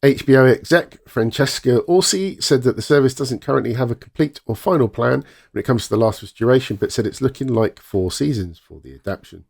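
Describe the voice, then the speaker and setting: A man's voice: mid-range voice, animated, a little fast, vocal fry, hardly any pauses. Mock-formal podcast co-host man. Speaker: podcast co-host reading news. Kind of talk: casual chat and news reading.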